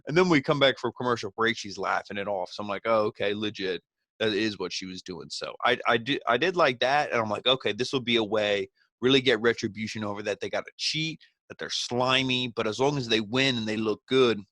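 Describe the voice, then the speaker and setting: A man's voice: lowish voice, a bit bright, no room sound. A man giving a casual, rambling recap of a wrestling show, full of fillers and blunt opinions. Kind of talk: casual solo review recap.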